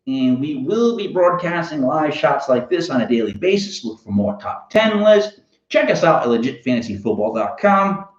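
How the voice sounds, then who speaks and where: A man with a Boston accent rambles through a story as a show host, his pitch swinging up and down with animation. He interrupts himself often and keeps it casual. The recording is roomy and a little dull and lo-fi. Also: a little mellow. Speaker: host of a fantasy football show.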